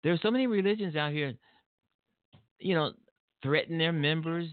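A man's voice: a little high, moderate pace, dry recording. Indignant man ranting on a phone line. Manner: indignant, rambling, with restarts. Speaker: radio show host. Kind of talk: opinionated radio monologue. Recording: tinny dry phone-line audio.

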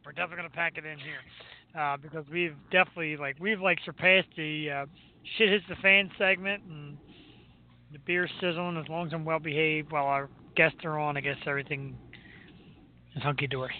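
A man's voice: fairly high pitch, fairly even intonation, a little fast, slight background noise. A man hosting a radio show, chatting casually and rambling with self-deprecating jokes. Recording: tinny phone-like sound.

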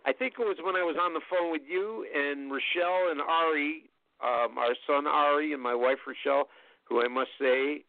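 An older man telling rambling, chatty anecdotes as an interview guest, with frequent pauses. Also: a little high, vocal fry, dry recording, phone-quality sound. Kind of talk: storytelling anecdotes in casual conversation.

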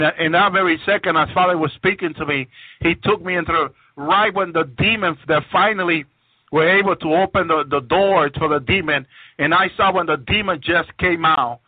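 A man's voice: high-pitched, no room sound. A man giving a fervent religious testimony of his visions, often repeating words as he restarts. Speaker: guest sharing visions on a religious program. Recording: tinny phone-line audio, dry.

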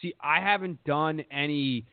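A man's voice: fairly high pitch, a little slow, no echo. A young man hosting a podcast in crude, rambling casual chat, cursing and saying "dude" constantly. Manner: profane, rambling, says "dude" a lot. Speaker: podcast host. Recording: dry, phone-like lo-fi audio.

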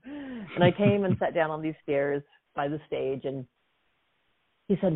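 A woman in her fifties, a guest coach and author, telling a personal story in a lively way with many "you know" fillers. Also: low-pitched, measured pace, long pauses. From United States. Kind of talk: storytelling in a conversation. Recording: phone-like narrow sound.

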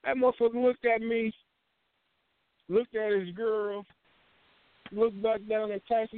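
A man's voice: high-pitched, unhurried, long pauses, slight background noise. A man co-hosting a radio talk show, telling stories in casual, profane chat. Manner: animated storyteller, swears a lot. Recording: phone-like narrow band.

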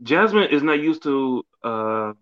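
A man's voice: mid-range voice, lively intonation, a little slow. Wry man on dull lo-fi audio. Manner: wry, teasing asides. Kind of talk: casual chat.

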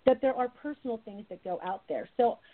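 A woman's voice: on the high side, fairly quick. A woman hosting a conversational interview, encouraging and supportive as she responds. Her voice comes through thin, phone-like audio. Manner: supportive, affirming. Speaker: podcast host.

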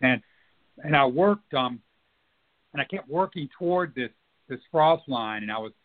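A man's voice: mid-range voice, lively intonation, unhurried. Reflective man on a tinny phone line. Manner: reflective, hesitant with many fillers and restarts. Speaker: novelist guest. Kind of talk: radio interview conversation. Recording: phone-like narrow band.

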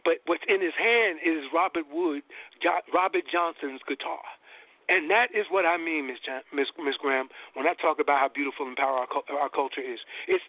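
A man's voice: very high voice, dry recording. A man giving an impassioned guest lecture, preacher-like and building to emphatic peaks, heard over a tinny phone-line connection.

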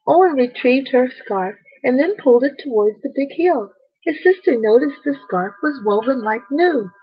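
A high-voiced woman reads a bedtime story slowly and gently, talking straight to the children. Her voice is breathy, and the recording is dry and a little dull. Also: animated, no room sound. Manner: slow, gentle, addresses children directly.

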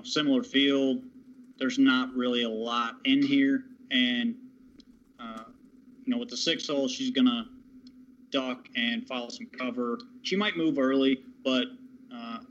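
A man's voice: medium pitch, a bit bright, slight background noise. Confident handicapper man on a dull line. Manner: confident, halting with fillers. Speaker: racing handicapper. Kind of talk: horse racing handicapping talk.

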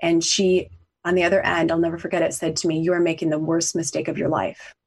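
A middle-aged woman with a low, husky voice shares a painful personal story. She speaks earnestly and from the heart, her voice sometimes close to tears as she talks it through. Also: completely flat delivery, fast talker. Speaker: podcast guest, coach and author.

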